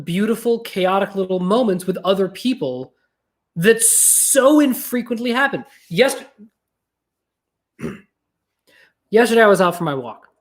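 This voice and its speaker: A podcast host from New Mexico, musing aloud in a casual solo monologue. The talk wanders and restarts often, laced with swearing, slowing to a drawl on some thoughts and rushing through others. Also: mid-range voice. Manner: rambling, profane, self-correcting.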